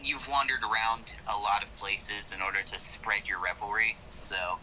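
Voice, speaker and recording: A man's voice: on the low side, steady tone, moderate pace, pushed and bright, slight background noise, rough recording. A man running a tabletop role-playing game as game master, describing scenes to the players with light jokes.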